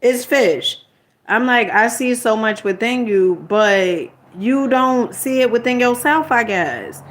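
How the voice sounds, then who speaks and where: A middle-aged woman vlogger tells a personal story in a candid, rambling way, her voice fairly high and her pace slow. She retells arguments, quotes herself, and lectures in an exasperated, motherly tone.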